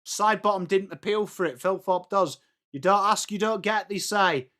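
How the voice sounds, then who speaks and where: An English man hosting a fan watchalong, chatting through the match as live fan commentary and breaking into shouts at big plays. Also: high voice, moderate pace. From England.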